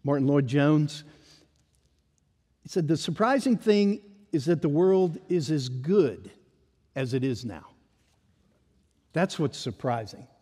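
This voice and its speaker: A man preaching a sermon in an emphatic way, often dropping to a hush at the ends of phrases. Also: on the high side, lively intonation, slow pace, pauses often, slightly rough, in a large hall.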